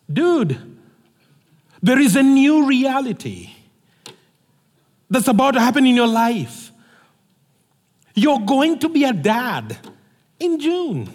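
Animated preacher in a reverberant hall. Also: male voice, very high-pitched, slow pace, pauses often. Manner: animated storytelling, acts out dialogue. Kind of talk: sermon.

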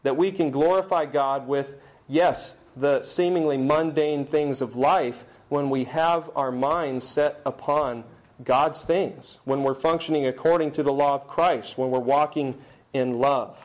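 A middle-aged man preaching a sermon, emphatic in delivery, slowing down to read scripture aloud. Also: a little high, fairly even intonation, low-quality recording. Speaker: pastor.

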